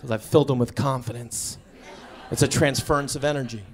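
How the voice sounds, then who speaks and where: A man doing a stand-up comedy set on stage, acting out the people in his stories with sudden high, squeaky voices. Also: steady tone, brisk, a faint crowd. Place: theater stage before a live audience.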